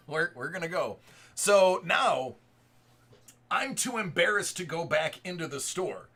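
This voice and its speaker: A man in his thirties with a bright, forceful voice, telling a personal story to a live chat. He rambles and restarts his sentences often. His pitch sits a little high for a man. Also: expressive, unhurried. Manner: rambling, restarts and repeated words. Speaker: live stream host.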